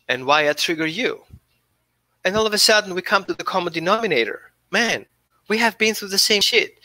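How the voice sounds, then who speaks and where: Earnest, bright-voiced dog behaviorist. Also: male voice, fairly high pitch, no echo. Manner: earnest, coaching, repeats himself. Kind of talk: live Q&A talk.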